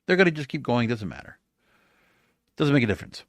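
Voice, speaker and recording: A man's voice: mid-range voice, big pitch swings, fast talker, a bit bright, no echo, studio quality. A man hosting a wrestling podcast, delivering a sarcastic, exasperated solo rant full of rhetorical questions.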